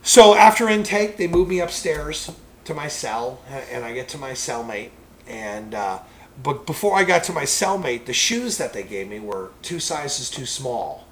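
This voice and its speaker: A man who is a preacher, telling a personal testimony story in a rambling, animated way. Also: medium pitch, a little slow, a little hiss or hum, rough recording.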